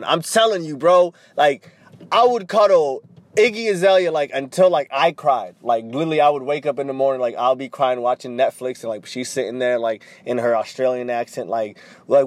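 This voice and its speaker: A man's voice: medium pitch, slight background noise. A man hosting a casual solo podcast, rambling and swearing with lots of fillers. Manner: rambling and profane, full of "like" fillers. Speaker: podcast host.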